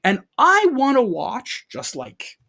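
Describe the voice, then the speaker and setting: A man co-hosting a sports talk show, delivering an emphatic rant. His pitch swings widely as he piles up rhetorical questions and leans hard on his points. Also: wildly swooping pitch, takes it slowly, gravelly, pushed and bright. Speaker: co-host. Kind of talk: opinion rant podcast.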